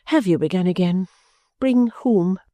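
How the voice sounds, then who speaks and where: A self-absorbed, middle-aged mother, played by a woman, who brushes off her child in a calm, clear, lowered voice. Her manner is smooth and condescending, and the tone is mellow. The sound is dry and close. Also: a little slow, no echo. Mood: serene, dismissive. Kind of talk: audiobook character voice.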